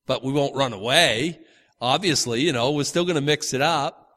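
A man's voice: medium pitch, moderate pace, fairly bright tone, big-room sound. A man teaching from the Bible in a loose, conversational way, stumbling over restarts and acting out the quotes. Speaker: preacher.

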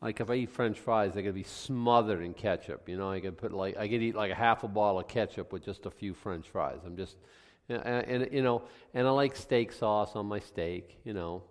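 A man with a fairly low voice teaches scripture in an easygoing, rambling way, breaking off mid-sentence for homely asides. His voice rings with the long reverb of a church hall. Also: moderate pace. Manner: rambling, self-interrupting, folksy asides. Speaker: pastor. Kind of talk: conversational Bible teaching.

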